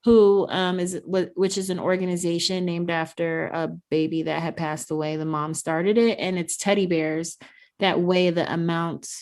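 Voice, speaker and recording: Woman guest, lowish voice, earnest and reflective, soft-spoken. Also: flat delivery, normal speed. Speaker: guest, NICU parent. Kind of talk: podcast conversation.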